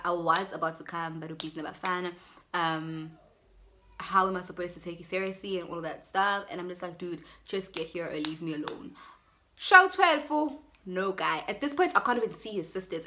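A young South African YouTuber tells a personal story in a casual vlog, speaking briskly in a lowish voice. She's animated, slips into Zulu phrases, and acts out both sides of each conversation. There's slight background noise.

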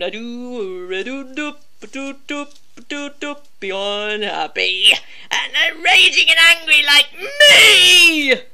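Gloomy self-pitying toy cat, voiced by a woman, slow mournful comic crooning, very bright tone. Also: high-pitched, full character voice. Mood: raging. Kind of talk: comic song parody.

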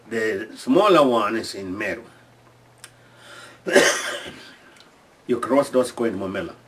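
Cast: male storyteller, lowish voice, halting delivery with restarts, recorded away from the mic. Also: fairly bright tone, far from the mic. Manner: halting, many restarts, acts out sounds and screams. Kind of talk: casual oral storytelling.

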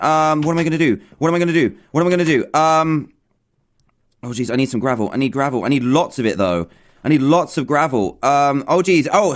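A young man from England doing let's-play commentary, talking to himself nonstop in an excitable, panicky way. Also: on the high side. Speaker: gaming YouTuber.

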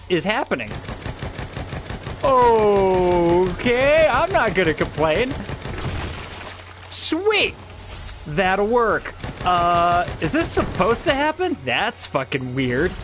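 A man giving let's-play commentary as a streamer, excitable, panicky and swearing often. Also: high voice, noisy background. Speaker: gameplay streamer. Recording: gameplay audio with game music behind.

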